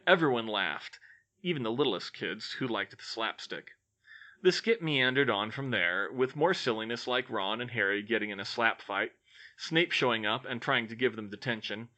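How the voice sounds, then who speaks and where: A man reading a fan-fiction novel aloud, expressive and doing many character voices. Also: mid-range voice, moderate pace. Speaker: audiobook reader. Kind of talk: scripted narration.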